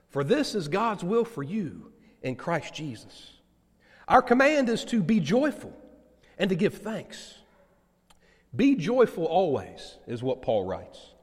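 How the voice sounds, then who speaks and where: A male pastor preaching a sermon to his congregation, telling stories with lively delivery. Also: high-pitched, slightly rough, big-room sound. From United States. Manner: animated storytelling preacher.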